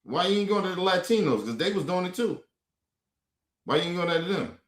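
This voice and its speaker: A man's voice: sits high, expressive, brisk. A man streaming commentary, blunt and indignant, with heavy swearing. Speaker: streamer reacting to clips. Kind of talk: casual profane commentary. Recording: roomy echo.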